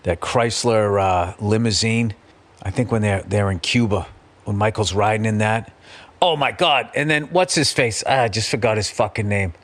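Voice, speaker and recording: A man's voice: fairly low pitch, normal speed. Profane middle-aged man ranting casually. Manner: profane, animated storytelling with impressions. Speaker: podcast host. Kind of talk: casual podcast monologue.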